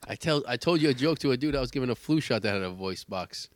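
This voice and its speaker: Animated, profane man chatting casually. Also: mid-range voice, quick pace, dry recording. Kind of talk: casual chat.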